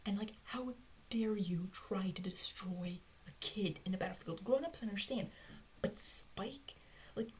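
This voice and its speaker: Brief: woman, mid pitch, rambling self-talk, slips into whispers. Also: a little slow. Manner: rambling, often drops to a whisper. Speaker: fan theorist. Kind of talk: thinking aloud to herself. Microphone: close mic, recorded alone.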